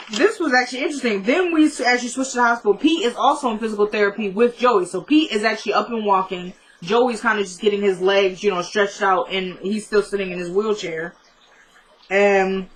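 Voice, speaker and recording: A woman talks through a TV episode she just watched, retelling each scene by quoting the characters in a quick "he goes, she goes" rhythm. She is chatty and informal, and she breaks off now and then to talk straight to her viewers. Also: mid-range voice, fairly bright tone, a little hiss or hum, low-quality recording. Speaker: TV episode recapper. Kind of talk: casual episode recap.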